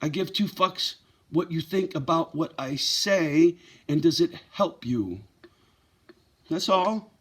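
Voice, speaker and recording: A man's voice: a little high, lively intonation, takes it slowly, slightly rough. A man running a pit bull rescue channel, talking bluntly and emotionally to his viewers in a profane, heartfelt vlog. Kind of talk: candid direct-to-camera vlog.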